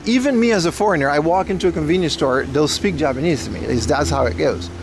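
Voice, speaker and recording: A Dutch man from the Netherlands hosts a casual livestream while walking outside, rambling loosely, laughing often, and talking to his chat. His voice is fairly high-pitched and fast, and the background is noisy.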